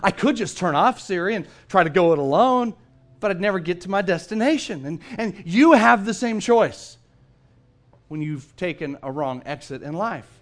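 A male pastor giving a sermon, telling a story in a lively way and often repeating his first words. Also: sits high, normal speed. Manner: storytelling, animated, repeats words when starting.

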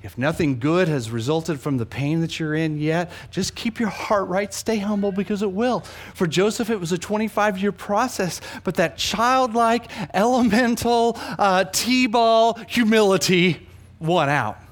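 A man preaching a sermon, animated, swinging between loud emphasis and hushed asides, often repeating words for emphasis. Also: high voice, unhurried. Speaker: pastor.

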